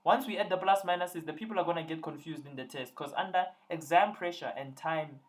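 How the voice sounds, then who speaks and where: Playful young tutor. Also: male voice, on the high side, brisk. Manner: playful, teasing, joking with students. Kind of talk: live online tutoring call.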